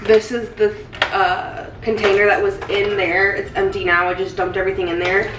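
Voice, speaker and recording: Rambling young mom in a roomy kitchen. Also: female voice, mid-range voice, flat delivery, normal speed, recorded from a distance. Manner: rambling, candid, heavy use of "like". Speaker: stay-at-home mom vlogger. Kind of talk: casual confessional vlog. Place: home kitchen. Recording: roomy, off-mic, faint hiss.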